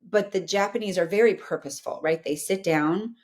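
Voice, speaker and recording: Her voice sits in the mid-range, a little mellow and a little fast. The guest, a psychologist in her forties, explains earnestly in a casual interview and tags lots of sentences with "right?"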